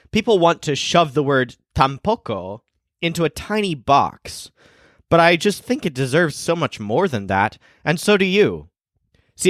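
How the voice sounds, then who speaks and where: A man teaches with a lively, rising and falling voice. He is recorded close in a dry room with no echo. He explains clearly and slows down for his example sentences. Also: fairly high pitch. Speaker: language teacher. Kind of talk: scripted teaching narration.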